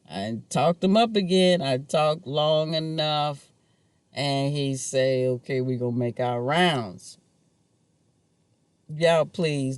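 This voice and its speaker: Guy rambling slow on his vlog, kinda high voice, dry close sound. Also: vocal fry, dry recording. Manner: casual, musing, chuckles to himself. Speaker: vlogger. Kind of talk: rambling personal monologue.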